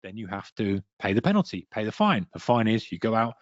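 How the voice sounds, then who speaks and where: A man coaching traders in an online lesson, lively and direct, now and then slipping into the voice of an annoyed trader. The sound is dry and close, with a slightly dull, muffled tone from the webinar audio. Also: on the low side, fairly quick, no echo. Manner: energetic, talks to listener directly, acts out a trader's inner voice. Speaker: trading coach.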